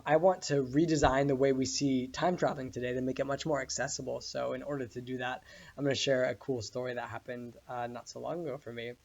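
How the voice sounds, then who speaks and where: A man giving a casual spoken meditation lesson, telling a story in a relaxed way with many fillers. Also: mid-range voice, highs cut off. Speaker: meditation course teacher.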